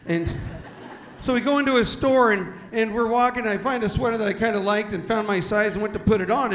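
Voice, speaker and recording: High-voiced stand-up comedian in echoey hall. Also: male voice, fast talker, a bit bright, slight background noise. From San Diego, California. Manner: conversational, self-deprecating storytelling with character voices. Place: large hall with audience.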